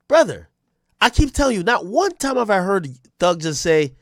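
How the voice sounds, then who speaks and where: A man's voice: high-pitched, big pitch swings, normal speed, a bit bright, no room sound, studio quality. A man giving blunt, ranting reaction commentary on a livestream, swearing and talking straight at the person he is discussing. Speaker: streamer and commentator.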